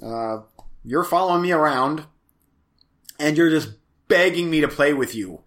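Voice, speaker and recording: A man co-hosting a casual podcast, telling a rambling story and breaking into laughs. His voice is bright and slightly high, with a pitch that swings widely. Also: animated, a little slow. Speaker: podcast co-host. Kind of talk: casual chat.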